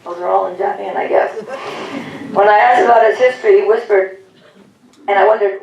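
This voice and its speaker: A woman's voice: medium pitch, steady tone, moderate pace, vocal fry, long pauses, lo-fi sound. A woman announcer reading veterans' service stories aloud at a public event, in plain storytelling with light humor. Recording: echoey room, distant mic, faint noise.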